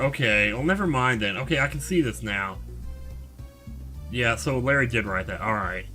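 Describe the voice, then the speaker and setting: A man's voice: mid-range voice, moderate pace, sharp tone, faint music behind. A young man casually commenting on a game he plays, chatty and puzzling things out aloud. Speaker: let's play host.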